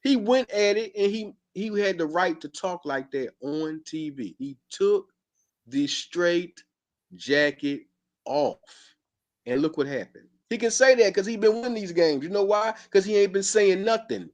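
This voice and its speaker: A man's voice: high-pitched, animated, a little slow. A man hosting a sports podcast, arguing emphatically and repeating his points in casual speech. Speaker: podcast host.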